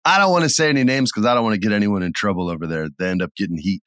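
A middle-aged man with a fairly low voice tells stories on a podcast, relaxed and chatty, then suddenly acts out the scene with loud bursts. His voice sounds close and dry, with no room around it. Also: rapid-fire, no room sound. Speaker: podcast co-host. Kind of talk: casual chat.

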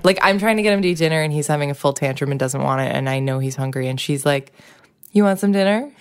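Low-voiced woman, easygoing chat. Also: rapid-fire, smooth. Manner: relaxed, laughs often, uses filler words. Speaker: podcast co-host, mother. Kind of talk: casual parenting chat.

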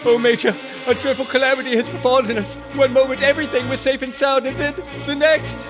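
A fussy, cowardly older space doctor wails and babbles in melodramatic panic. The voice sits shrill and very high, and music plays behind it. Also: male voice, steady tone, fast. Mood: hysterical. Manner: hysterical, whiny, melodramatic babbling.

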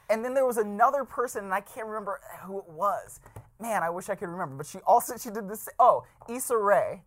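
A woman's voice: medium pitch, brisk. A woman co-hosting a podcast, telling stories and playfully teasing in casual chat. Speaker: podcast co-host.

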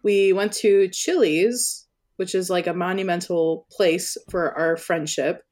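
A woman's voice: on the low side, fairly even intonation, a little slow, darkish tone. A young woman on a podcast, telling a funny story in casual chat and laughing often. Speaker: podcast guest.

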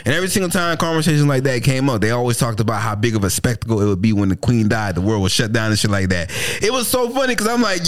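Slangy, animated young-sounding man. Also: medium pitch, fast talker, few pauses. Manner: slangy, profane, laughs often, animated storytelling. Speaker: podcast co-host. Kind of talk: casual podcast banter.

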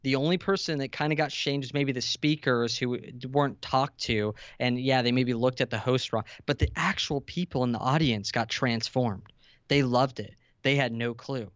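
Young male guest, earnest storyteller, dry flat-sounding mic. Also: medium pitch, clean tone, dry recording, muffled recording. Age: 20s. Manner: earnest, vulnerable, builds to intense emphasis. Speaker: podcast guest, entrepreneur. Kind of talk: emotional storytelling in conversation.

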